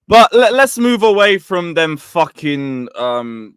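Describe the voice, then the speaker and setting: Young streamer, animated and sweary; lively pitch, dry close sound. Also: male voice, slow pace, hardly any pauses, clean tone, no echo. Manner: animated, mocking, swears freely, swings between loud and muttered. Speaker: football channel host. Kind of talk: casual livestream rant.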